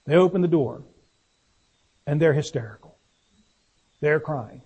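In a plain, folksy sermon, this preacher keeps turning to the congregation with questions. For a man his voice is fairly high, with a husky, breathy edge, and his delivery is unhurried with a darkish tone.

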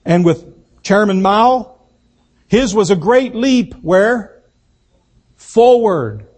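A man delivers a political speech at a deliberate, unhurried pace. His voice sits high for a man and has a husky edge. He leans on repetition, saying key words again and again for emphasis. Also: darkish tone. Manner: slow, emphatic, repeats key words for effect. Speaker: political speaker.

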